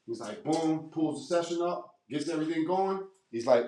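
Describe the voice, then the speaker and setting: A man in his forties from Annapolis, Maryland, telling stories as a guest in a casual interview, profane and animated, acting out the voices of people he quotes. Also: on the high side, a little slow. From Annapolis, Maryland, USA. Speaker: guest rapper.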